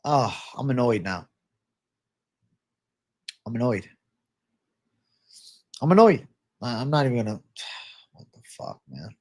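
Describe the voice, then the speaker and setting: A man's voice: mid-range voice, expressive, unhurried, pauses often, a little mellow, slightly rough, no room sound, clean studio sound. A man hosting a live-streamed MMA betting show, ranting with profanity to his chat about fight props. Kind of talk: live-stream prop picks talk.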